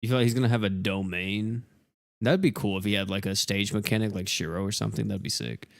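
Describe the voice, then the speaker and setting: A man's voice: lowish voice, fairly even intonation, quick pace, vocal fry. A young man livestreaming a game, rambling casually and exasperatedly to his chat viewers.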